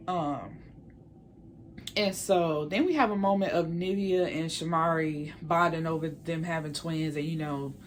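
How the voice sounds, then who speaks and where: A woman's voice: on the low side, a little hiss or hum. A woman giving a blunt, heated, opinionated recap of a reality show in casual commentary. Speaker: reality TV reviewer.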